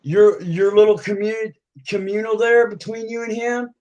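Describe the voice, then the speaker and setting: A man's voice: high voice, steady tone, moderate pace, a little mellow, low-quality recording. A man lecturing during a heated livestream argument, insistent and repeating himself.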